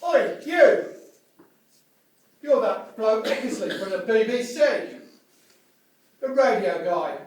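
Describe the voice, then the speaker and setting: A man playing an aggressive wartime street thug who shouts insults. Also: high voice, expressive, slow, pauses often. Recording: echoey room from a distance.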